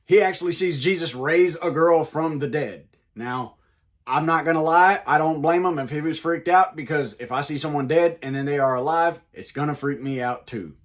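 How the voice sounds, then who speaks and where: A man leads a comic Bible lesson with a slightly high voice. He keeps it casual and loose and slips in wisecracks as he tells the story. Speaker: comedic preacher, host.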